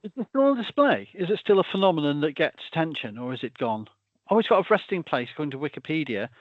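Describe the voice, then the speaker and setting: A man's voice: fairly high pitch, very animated, fast, no echo, lo-fi sound. A British man hosting a casual conversation, rambling with stammering restarts and chuckling asides. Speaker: host.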